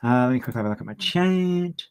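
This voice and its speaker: A man's voice: mid-range voice, expressive, fast, darkish tone, clear, resonant tone. A man in his twenties, ranting heatedly on a livestream and swearing freely. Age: 20s. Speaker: streamer. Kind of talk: livestream commentary.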